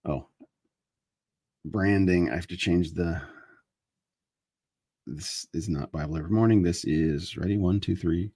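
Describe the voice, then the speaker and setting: A man with a low, husky voice holds forth on a live stream, wandering from one thought to the next and restarting his sentences. He holds his own microphone. The sound is dry and close, with no room around it. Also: unhurried, pauses often, mellow, no room sound. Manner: meandering, self-interrupting, restarts sentences. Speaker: host of a live chat stream. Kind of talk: rambling casual monologue. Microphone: handheld microphone he moves around.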